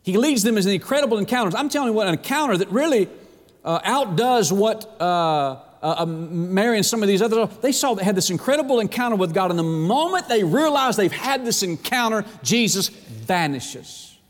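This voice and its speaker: A man's voice: high-pitched, animated, a little fast. A man preaching a sermon, acting out scripture quotes with dramatic swings and folksy phrasing, calling his listeners friend. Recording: long reverb in a large hall.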